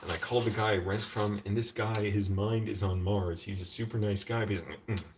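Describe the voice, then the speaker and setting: A man's voice: lowish voice, fairly even intonation, brisk. A man ranting at home in a live stream, telling a long story with many fillers and restarts. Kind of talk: casual rambling rant. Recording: distant mic with faint background noise.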